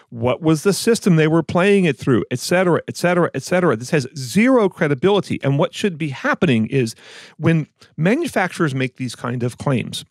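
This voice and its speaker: Gravelly skeptical male podcast host. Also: a little high, dry recording, studio quality. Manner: skeptical, rambling, many restarts, laughs. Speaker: podcast co-host, audio reviewer. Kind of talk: casual chat.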